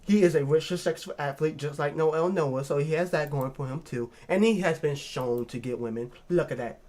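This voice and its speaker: A man hosting a video, ranking characters in a lively, profane, joking rant. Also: a little high, normal speed. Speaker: video host. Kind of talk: casual ranking commentary.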